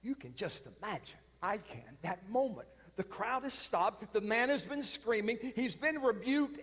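A high-voiced man preaching a sermon, telling a story slowly and dramatically. His pauses hang in a large hall with a long echo. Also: expressive, fairly bright tone, slightly rough. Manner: dramatic, slow retelling with pauses.

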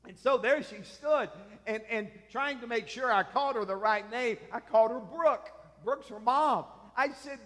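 A man preaching an Easter sermon as pastor, slow and emphatic, often trailing off softly at the ends of phrases. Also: high voice, expressive. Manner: slow, emphatic preaching with soft dropped endings. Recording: long hall reverb.

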